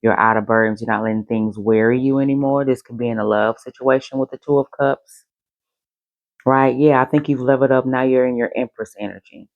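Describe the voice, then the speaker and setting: A tarot reader hosting a recorded reading, talking playfully in a drawn-out sing-song way while thinking aloud over the cards. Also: medium pitch, fairly even intonation, no room sound, phone-quality sound.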